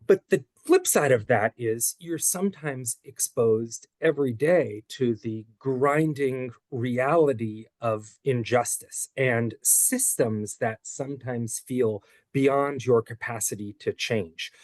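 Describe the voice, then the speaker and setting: A man in his forties, an author and former public defender, giving earnest, measured interview answers. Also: mid-range voice, no room sound.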